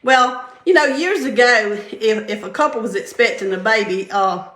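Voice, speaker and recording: A woman's voice: on the high side, moderate pace, a bit bright. An older woman giving a casual devotional talk, chatty and storytelling, laughing often. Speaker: vlogger sharing faith-based encouragement. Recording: roomy echo.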